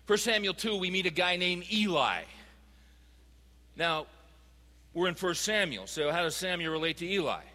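A man delivers a sermon in a bright, ringing voice that sits high for a man. He speaks emphatically and keeps asking the congregation questions. His words carry a long reverb, as in a large hall. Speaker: pastor.

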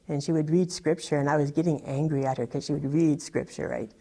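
Low, mellow-voiced woman. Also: fairly even intonation, fast talker. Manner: earnest, rambling with many fillers. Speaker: testimony speaker. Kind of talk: personal testimony.

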